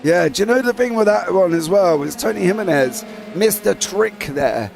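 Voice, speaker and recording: Gravelly high-voiced racing co-commentator. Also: male voice, lively intonation, normal speed, darkish tone, a little hiss or hum. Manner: casual, rambling analysis. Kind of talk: sim racing color commentary.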